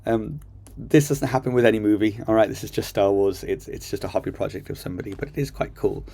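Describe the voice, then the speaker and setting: Chatty guy doing a coding tutorial on screen, gravelly voice, lots of ums. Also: on the low side, fairly even intonation, quick pace, warm tone. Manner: chatty, enthusiastic, thinks aloud with ums. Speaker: coding teacher. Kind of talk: casual screen-recorded tutorial. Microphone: computer mic while screen recording.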